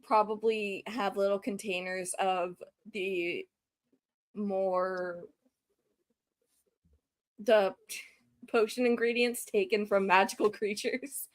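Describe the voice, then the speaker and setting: A woman's voice: medium pitch, steady tone, slow pace, long pauses, dry recording. A woman playing in a casual tabletop role-playing game, describing her scene in a loose, chatty way. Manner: chatty, loose, lots of fillers when describing. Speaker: player.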